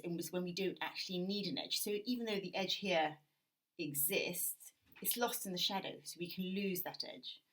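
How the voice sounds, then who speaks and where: A woman with a British accent teaching a drawing lesson, explaining gently and thinking aloud as she draws. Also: on the low side, poor audio. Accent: British English. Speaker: art teacher. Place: indoors at a drawing table.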